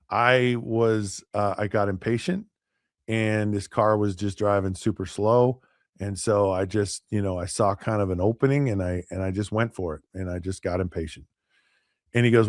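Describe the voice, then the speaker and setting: Animated man telling a story, dry mic. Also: on the low side, moderate pace, dry recording. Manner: animated, acts out both sides of a dialogue; repeats words and restarts often. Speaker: podcast host. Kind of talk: casual storytelling.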